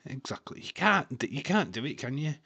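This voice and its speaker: A man's voice: on the high side, sing-song, brisk, pushed and bright, slightly rough, no echo. A man hosting a live watch-along stream, chatting casually to his viewers and laughing often as he rambles through jokey tangents.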